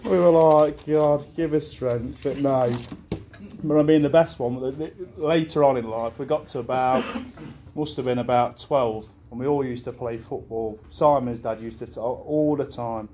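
Delivering a best man speech, a young man tells rambling childhood stories, often bursting into laughter and swearing casually. His warm voice sits at an everyday middle pitch with fairly even intonation and normal speed, while the reception room hums faintly behind him.

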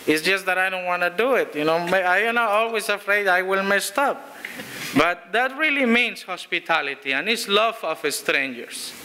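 A man's voice: high voice, expressive, moderate pace, pushed and bright, a little hiss or hum. A man pastor giving a conversational sermon, telling stories with frequent restarts and chuckles. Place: church sanctuary.

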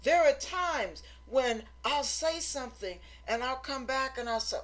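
Slow-talking woman preaching earnestly. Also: sits high, expressive. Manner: earnest, exhorting, repeats phrases for emphasis. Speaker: Christian teacher. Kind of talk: informal sermon.

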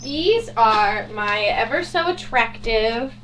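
A bubbly teenage girl vlogging from her room, her voice sitting a little high as she jokes about herself with a dry, sarcastic edge. A faint hum runs under the webcam audio. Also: lively intonation, measured pace, few pauses. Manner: bubbly, sarcastic, self-mocking. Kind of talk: casual chatty vlog. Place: home bedroom.

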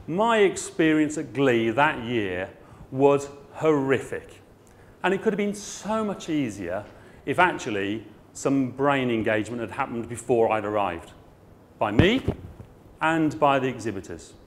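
A man's voice: medium pitch, very animated, unhurried, a little hiss or hum. A middle-aged man, a garden centre owner, giving a blunt, comic conference talk in an exhibition hall. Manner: blunt, comic, puts on voices.

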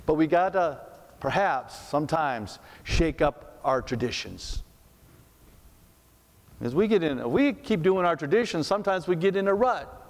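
Male pastor, slightly high voice, chatty preaching full of rhetorical questions, long sanctuary reverb. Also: expressive, unhurried. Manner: conversational, asks rhetorical questions, repeats words. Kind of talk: sermon. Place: church sanctuary.

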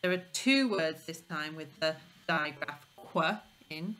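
Slow, bright-voiced teacher. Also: female voice, deep voice. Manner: slow, clear, sounding out letters. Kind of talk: phonics lesson for young children.

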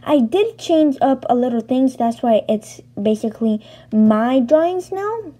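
A chatty, self-deprecating woman hosting a casual drawing tutorial. She talks slowly, with a higher pitch and a soft, breathy, mellow tone. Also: expressive.

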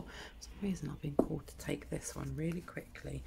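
Gravelly-voiced woman giving a tarot reading. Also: low voice, brisk, a little hiss or hum. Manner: blunt, chatty, with cheeky mild swearing. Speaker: tarot reader.

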